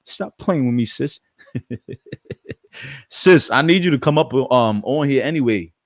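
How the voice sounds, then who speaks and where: A man's voice: medium pitch, animated, takes it slowly, dry recording, studio quality. Brash, profane man hosting a live stream. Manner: brash, profane, joking, talks to chat. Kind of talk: casual live stream chat.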